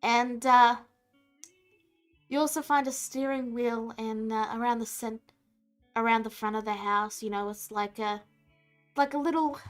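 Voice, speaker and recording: Woman dungeon master, playful rambling narration, fairly high voice, faint background music. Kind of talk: narrating a tabletop game.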